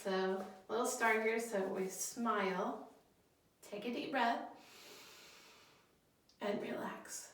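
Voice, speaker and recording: A school counselor, a woman with a slightly high voice, talks children gently through breathing exercises one step at a time. She sits back from the mic, and her voice rings around a very echoey room. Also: takes it slowly, long pauses, recorded from a distance, slight background noise. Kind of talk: guidance lesson for children.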